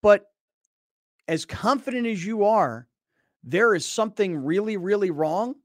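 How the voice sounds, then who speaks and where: A man's voice: high-pitched, expressive, measured pace, no echo, clean studio sound. A man hosting a sports talk show, talking emphatically and with sarcasm.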